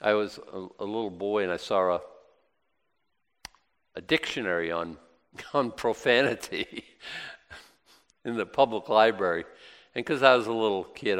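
A preacher with a Boston accent gives casual Bible teaching in a folksy, rambling style, often restarting his sentences. His voice is medium-pitched with a fairly bright tone, and the recording carries a long hall reverb.

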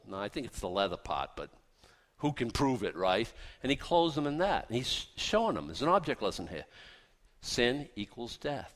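A man preaching a sermon in a folksy, punchy way, with rhetorical questions and lively acted-out voices. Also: medium pitch. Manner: animated, acts out voices of biblical figures.

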